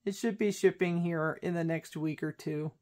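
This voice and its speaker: A woman's voice: on the low side, fairly even intonation, moderate pace, darkish tone. A woman vlogger in casual chat, rambling and correcting herself as she goes. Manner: rambling, self-correcting, chatty.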